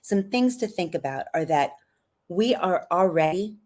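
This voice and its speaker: A middle-aged woman voice coach teaching on a podcast, calm and earnest, explaining breathing step by step. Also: on the low side, a little slow.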